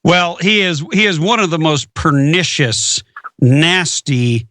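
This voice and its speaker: Male radio host, emphatic and forceful, bright voice recorded dry. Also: fairly high pitch, lively intonation, takes it slowly, no echo. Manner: emphatic, repeats words for stress. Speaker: radio talk show host. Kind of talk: political talk radio.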